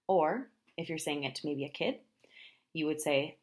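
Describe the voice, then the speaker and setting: A woman teaching travel phrases in a language lesson, explaining each phrase and then saying it slowly, often twice. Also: low-pitched, expressive. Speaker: Spanish teacher.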